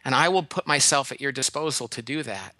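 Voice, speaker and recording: A man giving a caller advice in an animated, emphatic way, telling stories and acting out other people's lines. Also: medium pitch, fairly quick, no echo. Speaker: guest advice-giver, management consultant. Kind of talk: radio call-in advice.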